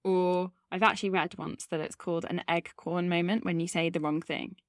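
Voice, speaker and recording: A woman's voice: lowish voice, level tone, brisk, dry recording, studio quality. A woman co-hosting a podcast in casual chat, giggly and self-deprecating as she tells anecdotes. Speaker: podcast co-host.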